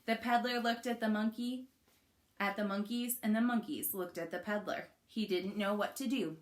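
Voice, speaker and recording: A woman's voice: medium pitch, normal speed. A woman reading a children's picture book aloud, coaxing young listeners to join in with questions and actions. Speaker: children's story reader.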